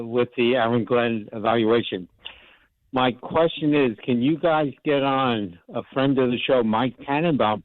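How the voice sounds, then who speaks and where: A man's voice: mid-range voice, no echo. Hesitant male caller on a phone line. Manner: hesitant, searches for words. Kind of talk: sports radio call.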